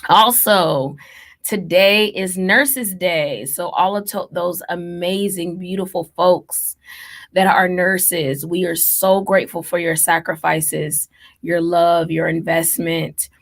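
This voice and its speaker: A woman's voice: fairly low pitch, fairly even intonation, slow. A woman in her thirties hosting a live stream, earnestly listing her thanks in long runs with frequent ums. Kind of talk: heartfelt live-stream address.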